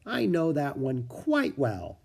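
Storybook old monk, thin shaky voice, husky, voiced by a man. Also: a little high, wildly swooping pitch, takes it slowly, darkish tone, exaggerated voice. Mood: gentle. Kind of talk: storybook reading.

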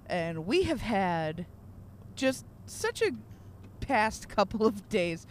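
A woman co-hosting a comedy podcast in casual chat, swearing often, laughing and mocking people with quick impressions. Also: medium pitch, sing-song, slight background noise. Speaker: podcast co-host.

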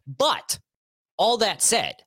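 A man's voice: high-pitched, very animated, fairly bright tone, slightly rough, dry recording. Dry-sounding man co-hosting a chat show. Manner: rambling, conversational, quick asides. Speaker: podcast co-host. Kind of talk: casual chat.

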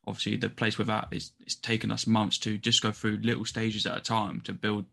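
Casual male podcast host, lowish voice. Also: level tone, a little fast, creaky, a bit bright. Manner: chatty, filler-heavy questions. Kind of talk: casual interview chat.

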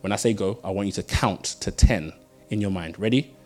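A young man delivers a sermon with lively storytelling. His voice swings from loud bursts to quiet, hushed lines as he drives his points home. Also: on the low side, fairly quick, faint music behind. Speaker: pastor.

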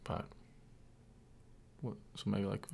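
A man's voice: slow, darkish tone, a little hiss or hum. A man, a guest in a casual podcast chat, answering with short dry replies.

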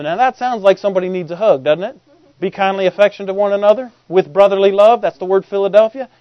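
A man's voice: high-pitched, dry recording, highs cut off. A middle-aged man, preaching a sermon in a folksy, conversational way and often asking the congregation if they follow. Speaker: pastor.

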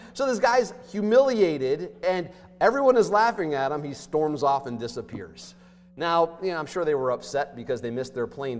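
A man preaching a sermon as pastor, with emphatic delivery that swings between loud stresses and hushed asides. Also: mid-range voice. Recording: long hall reverb.

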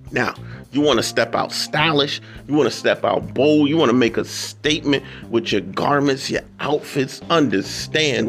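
A man's voice: fairly high pitch, a bit bright. A man hosting a radio show, reading promos and then preaching about prayer in a preacherly way, repeating phrases for emphasis.

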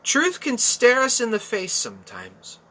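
A man's voice: extremely high pitch, wildly swooping pitch, a little slow, a bit bright. A man teaching through a Bible passage, emphatic, repeating key phrases and asking rhetorical questions.

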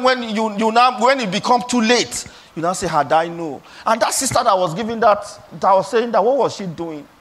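A male pastor with a Nigerian accent delivers a sermon in a strikingly high, bright voice. His pitch leaps around animatedly as he moves between quiet, pleading questions and loud, shouted exhortations.

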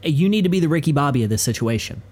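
A man hosting a casual podcast, joking crudely and reacting quickly to his guest. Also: on the high side, lively intonation, a little mellow. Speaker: podcast host.

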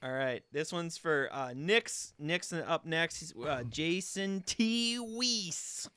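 A man's voice: on the high side, animated, takes it slowly, sharp tone, clean tone, no echo, studio quality. A man co-hosting a comedy podcast, laughing often and bantering playfully. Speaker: podcast co-host. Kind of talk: casual comedic chat.

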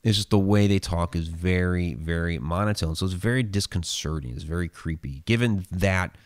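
A man's voice: low-pitched, normal speed, no echo, studio quality. A man hosting a show and telling a story in loose, casual chat, full of fillers and restarts. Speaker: host reading viewer questions.

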